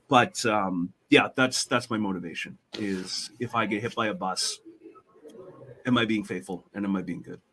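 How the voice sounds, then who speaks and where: A man's voice: lowish voice, moderate pace, fairly bright tone. A middle-aged man, a podcast guest, talking earnestly and retelling a parable in a conversational way. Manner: retells a parable, voicing characters lightly.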